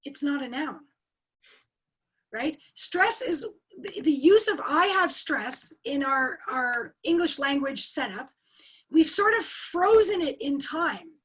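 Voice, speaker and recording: A woman's voice: sits high, animated, slow. A woman teaching a live online forum over a video call, quizzing her audience and repeating key words with energy. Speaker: speaker at an online coaching forum. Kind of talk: interactive webinar teaching.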